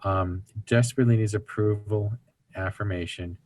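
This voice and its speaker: A man appears as an interview guest speaking on recovery ministry, explaining family dynamics in an earnest teaching tone and acting out the voices of people he quotes. His voice is fairly low and darkish, with fairly even intonation and a moderate pace. There's no room sound.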